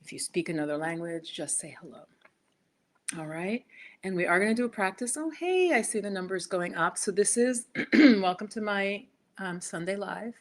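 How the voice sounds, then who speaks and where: A woman's voice: mid-range voice, expressive, moderate pace. A woman hosting a casual live stream for her yoga channel, chatty and rambling, laughing at herself as she talks into her laptop. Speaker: yoga and meditation host. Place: indoors, home set-up with laptop.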